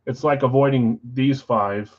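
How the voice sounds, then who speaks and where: A man's voice: medium pitch, steady tone, unhurried, muffled recording. Chatty man calling out card break teams. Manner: rattles off names and teams, chatty asides. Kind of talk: live-stream card break chat.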